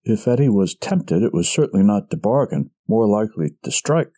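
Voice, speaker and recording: A man reads a mystery story aloud in an expressive narrating style. His voice is mellow and warm with lively, varied pitch. The sound is dry, with no room echo. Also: normal speed. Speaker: audiobook reader.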